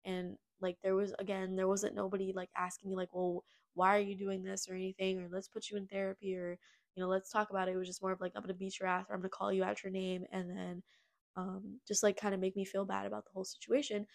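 A woman's voice: medium pitch, level tone, quick pace, creaky. A young woman podcast host telling her personal story in a confessional way, acting out the dialogue as she recounts it.

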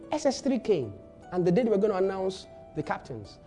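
A man with a Nigerian accent preaching a sermon as a pastor, building to shouted lines and repeating phrases for emphasis. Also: high-pitched, lively intonation, quick pace, music in the background.

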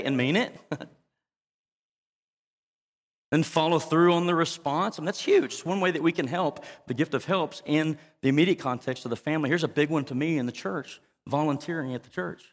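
A man's voice: mid-range voice, fairly bright tone, long reverb tail. A man preaching a sermon to his congregation as pastor, emphatic and often asking the crowd to respond. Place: church.

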